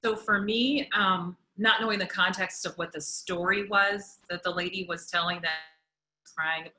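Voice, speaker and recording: Bright-voiced woman on a discussion panel. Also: mid-range voice, fairly even intonation, measured pace, low-quality recording. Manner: thinks aloud, acts out quoted voices. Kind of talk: roundtable discussion.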